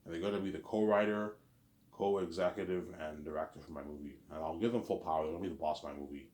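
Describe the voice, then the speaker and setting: A man's voice: low-pitched, fast talker, a little mellow. A man rambling on in a casual monologue, repeating and restarting his phrases. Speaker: vlogger. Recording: echoey room.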